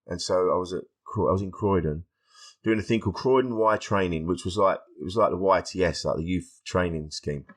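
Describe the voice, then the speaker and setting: A middle-aged man, speaking in a fairly low register. He is a stand-up comedian guesting on a podcast, recounting his life candidly and acting out bits of dialogue. His tone is frank and self-deprecating. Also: brisk. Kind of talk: candid conversational storytelling.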